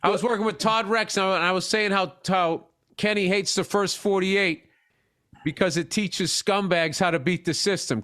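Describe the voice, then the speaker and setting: Male co-host, higher voice, animated storyteller who swears, casual banter. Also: clear, resonant tone. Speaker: podcast co-host. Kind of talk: casual podcast chat.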